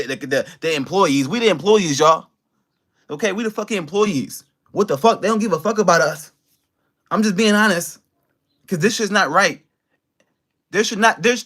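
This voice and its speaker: Brief: a high-voiced American man on a livestream, furious and profane, talking straight to his chat. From United States. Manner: heated and profane, with big swings in pitch and loudness. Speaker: livestream host. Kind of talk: angry livestream rant.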